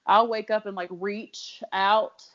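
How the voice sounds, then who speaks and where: A woman's voice: medium pitch, fairly even intonation, slow pace, lo-fi sound. A woman co-hosting a podcast in casual chat, chatty and teasing, laughing often. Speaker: podcast co-host.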